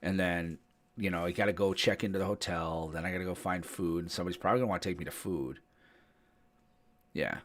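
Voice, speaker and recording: A man's voice: low voice, fairly even intonation, fast. A man co-hosting a podcast in casual chat, rambling through stories and laughing often. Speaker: podcast co-host.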